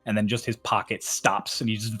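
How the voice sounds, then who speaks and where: A man's voice: fairly low pitch, flat delivery, a little fast, fairly bright tone, husky. A man narrating a tabletop game as game master, in a casual, loose way that laughs often.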